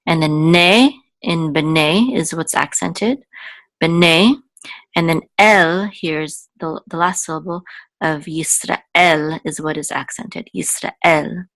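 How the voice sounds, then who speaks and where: A woman's voice: low-pitched, slow, fairly bright tone, dry recording. A woman teaching Biblical Hebrew, explaining patiently with many fillers and then singing the chant marks. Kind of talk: explaining and chanting Torah cantillation.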